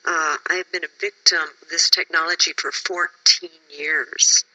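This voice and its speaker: A woman's voice: on the low side, sing-song, measured pace, vocal fry, pushed and bright, poor audio. A tired woman from Wisconsin giving emotional, pleading testimony at a public hearing, sometimes dropping to a whisper. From Wisconsin, USA.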